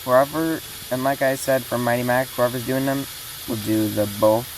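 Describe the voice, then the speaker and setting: Very low-voiced woman announcing a casting call. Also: steady tone, normal speed. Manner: rambling with many fillers and restarts. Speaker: fan series creator running a casting call. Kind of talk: casual spoken announcement. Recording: noisy hiss in the background.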